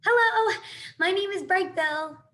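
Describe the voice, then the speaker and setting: A woman voicing an anxious, excitable young gosling boy in a storybook read-aloud, with high, worried cries. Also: brisk. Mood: cheerful.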